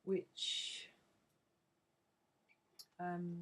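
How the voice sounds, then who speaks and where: A middle-aged woman speaking to camera in a video diary, a mother talking hesitantly and thoughtfully, with frequent pauses. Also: lowish voice, steady tone, darkish tone, poor audio. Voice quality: gravelly, very husky. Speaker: bereaved mother.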